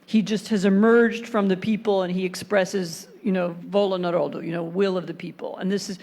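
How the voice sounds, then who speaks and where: A woman's voice: medium pitch, fairly even intonation, normal speed, a little mellow. Woman panelist arguing with careful restarts. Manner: thoughtful, hesitant restarts, then fluent argument. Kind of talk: panel discussion.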